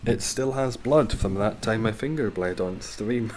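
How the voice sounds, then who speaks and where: A man's voice: lowish voice, measured pace, a little mellow, a little hiss or hum. A Scottish man chatting casually while streaming a game, rambling, joking and swearing as he reads out viewers' comments. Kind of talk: casual gaming stream chat.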